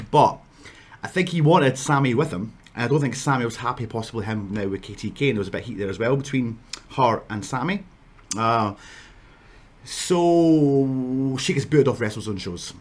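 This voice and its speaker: Rambling Scottish man telling a story. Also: mid-range voice. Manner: rambling, with asides and restarts. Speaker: wrestler telling stories. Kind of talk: casual storytelling rant.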